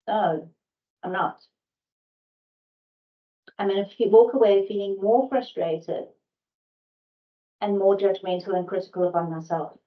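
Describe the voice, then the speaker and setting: A middle-aged woman, a sales trainer, gives a training session in an earnest, candid way and poses rhetorical questions, in a dull lo-fi recording. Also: lowish voice.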